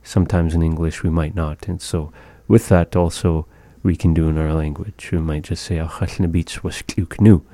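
A man with a very low, mellow voice leads a language lesson at an unhurried pace. He breaks phrases into syllables, and he often stops to search for the right way to explain. The sound is close and dry. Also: steady tone, no echo. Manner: deliberate, pauses to find words, sounds out phrases syllable by syllable. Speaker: language teacher. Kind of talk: slow, patient language lesson.

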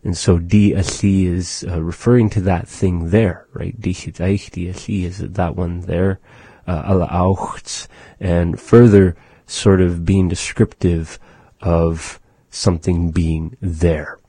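A man with a very low, dark voice gives a slow pronunciation lesson. His tone is husky and the sound is dry and close. He explains patiently, pausing often as he goes. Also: flat delivery, dry recording. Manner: measured, patient explaining with frequent pauses. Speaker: language teacher.

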